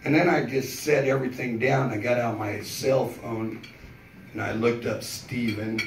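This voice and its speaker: A man in his fifties doing a stand-up comedy set in a club, telling stories slowly and deadpan with plenty of swearing, rising to shouted punchlines. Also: medium pitch, background noise. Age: 50s. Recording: roomy club sound from a distance. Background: audience laughter.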